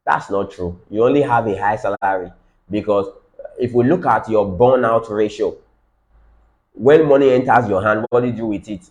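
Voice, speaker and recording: A man's voice: on the low side, normal speed, a little mellow, dull audio. A man with a Nigerian accent giving a business training lecture, repeating key phrases for emphasis and checking in with his audience.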